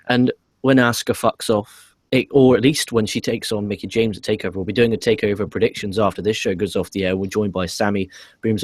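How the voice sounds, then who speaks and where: Man, husky voice, dry close sound, blunt profane rant, stammering restarts, casual review podcast. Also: lowish voice, no echo. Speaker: wrestling show reviewer.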